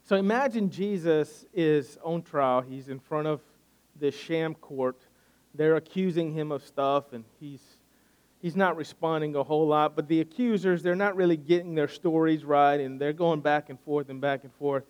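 A man preaching in a loose, conversational way, his voice sitting a little higher than most men's. He retells a scripture story and keeps doubling back on his words as he talks. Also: normal speed, smooth. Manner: conversational, repeats words when restarting. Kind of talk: sermon storytelling.

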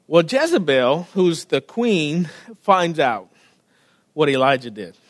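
A man with a fairly high voice preaches a sermon. He tells the story in a loose, animated way with casual slang. He sinks to a near-whisper for the quiet moments. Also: takes it slowly. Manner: casual, with slang and frequent word repeats. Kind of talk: sermon retelling a scripture story.

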